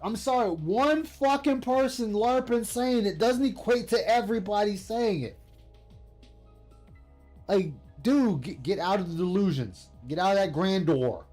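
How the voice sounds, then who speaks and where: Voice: mid-range voice, expressive, measured pace, a little mellow, faint music behind. Profane, scornful commentary ranter. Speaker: commentary streamer. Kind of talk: angry reaction rant.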